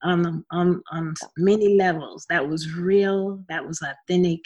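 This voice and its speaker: A woman singer chatting casually as an interview guest, expressive and talkative. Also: fairly low pitch, a little slow, husky, lo-fi sound. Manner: expressive and chatty, with frequent laughs.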